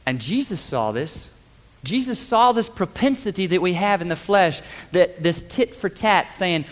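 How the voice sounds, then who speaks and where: A man preaching a sermon in a church, swinging between loud urgent lines and hushed, quiet ones. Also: high-pitched, animated, normal speed, in a large hall. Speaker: pastor.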